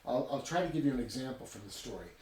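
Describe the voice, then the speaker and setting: A man's voice: mid-range voice, very fast. Chatty man reviewing, roomy distant sound. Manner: animated retelling, chatty asides. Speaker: book reviewer. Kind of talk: casual review chat. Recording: roomy sound from a distant mic with faint ambience.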